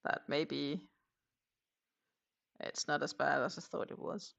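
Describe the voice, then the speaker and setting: A woman with a low, gravelly voice that still has a bright, sharp edge chats casually on a live crochet stream. She rambles from one thought to the next and answers viewers' comments as she works. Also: fairly even intonation, slow pace, muffled recording. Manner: chatty, rambling, reads viewer comments aloud. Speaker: crochet livestream host. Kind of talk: casual chat while crocheting.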